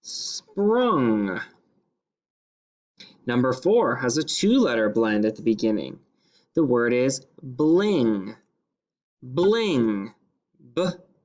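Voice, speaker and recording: Slow, deliberate male phonics teacher. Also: mid-range voice, very animated, a little mellow, dull audio. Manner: slow, deliberate, sounds out words part by part. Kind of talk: phonics dictation lesson.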